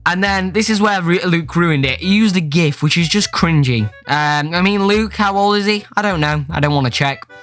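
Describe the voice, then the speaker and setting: Sarcastic young man, bright voice. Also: sits high, moderate pace, few pauses, soft background music. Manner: sarcastic, jokey, bursts into shouting. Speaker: YouTuber. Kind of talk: comic storytelling, reading out chats.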